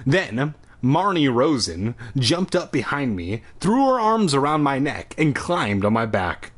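Husky man reading with crude asides. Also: medium pitch, measured pace. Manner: lively, breaks off into crude sarcastic asides. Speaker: reader. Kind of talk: comic reading of a children's book with crude asides. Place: at home.

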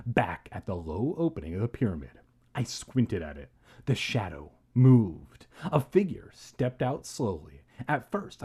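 A man reads a storybook aloud, stopping for crude, irreverent jokes. His voice is husky and mellow, and it rises and falls a great deal as he reads. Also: mid-range voice. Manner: irreverent, profane, laughs often. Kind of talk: reading a book aloud with joking asides.

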